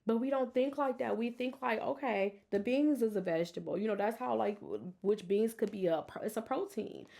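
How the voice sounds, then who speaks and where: A woman's voice: fairly high pitch, normal speed, vocal fry, a little mellow. A woman hosting a personal faith podcast, talking earnestly and emotionally in a testifying way. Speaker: podcast host.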